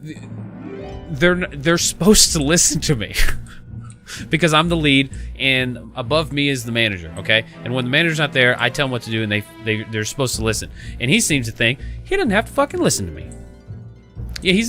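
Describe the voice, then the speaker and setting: A man's voice: mid-range voice, very animated, a little fast, bright, forceful tone, soft background music. A man streaming a game, telling a work story in an exasperated, profane rant. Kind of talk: casual storytelling while gaming.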